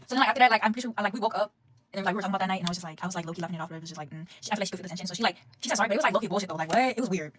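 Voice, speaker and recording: Young woman, rapid-fire casual storyteller, swears a lot and vents. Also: medium pitch, crowd noise. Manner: rapid, profane, exasperated storytelling.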